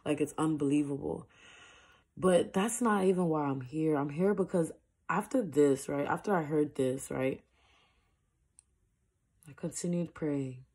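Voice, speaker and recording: Woman, low husky voice, slow delivery; casual spiritual talk from her bedroom, soft-spoken, full of fillers. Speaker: online prayer minister. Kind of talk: casual spiritual message to camera.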